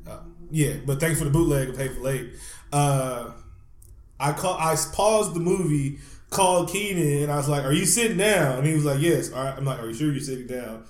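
Male podcast co-host, lively storyteller, slightly high voice, roomy sound. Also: a little fast. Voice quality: animated storyteller, swears freely. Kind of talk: casual chat. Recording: roomy echo.

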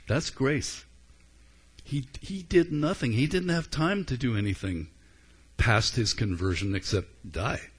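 A man preaching a sermon as a pastor, in an earnest, conversational way with frequent pauses and ums. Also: mid-range voice, slightly rough.

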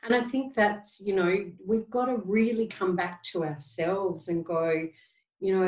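A woman in her forties speaking gently and reflectively in a casual podcast chat, telling stories. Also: mid-range voice, steady tone, a little slow. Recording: roomy echo, distant from mic.

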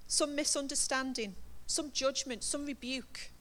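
A woman's voice: high-pitched, measured pace, fairly bright tone. A woman preaching a sermon from a church stage, earnest and emphatic as she encourages the congregation.

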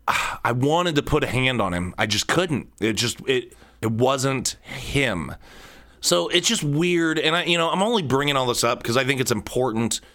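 A man's voice: mid-range voice, lively intonation, moderate pace, a bit bright. Candid man rambling through a solo podcast. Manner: candid, rambling, repeats words when emotional. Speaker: podcast host.

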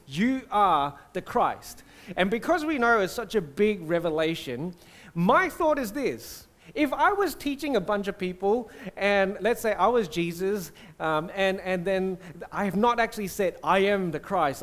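A man from Singapore, a pastor preaching a conversational, animated sermon. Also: sits high.

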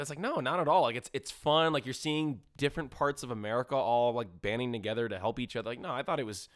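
A man's voice: mid-range voice, lively intonation, quick pace, hardly any pauses, fairly bright tone, dry recording, clean studio sound. A man co-hosting a casual movie podcast, talking in a rambling, profane way full of fillers. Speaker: podcast co-host.

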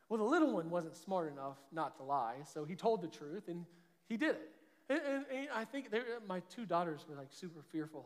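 A man preaches a sermon from a church stage. He talks with a high voice in an earnest, conversational way and often restarts his sentences. Long reverb from the hall trails each phrase. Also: lively intonation, brisk. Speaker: pastor.

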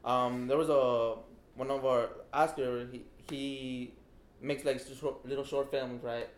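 A young man in casual conversation, recounting a story in an earnest, halting way and often repeating himself. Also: mid-range voice, level tone, reverberant. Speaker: guest.

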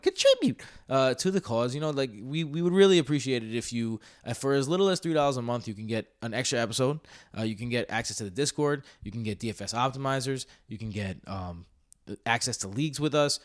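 A man hosting a casual sports podcast, talking in an excitable, rambling way with frequent restarts. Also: medium pitch. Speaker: podcast host.

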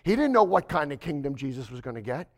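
Pastor, man, fairly high voice, dynamic sermon delivery moving between quiet and forceful. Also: very animated. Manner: swings from hushed to emphatic, slows for stress.

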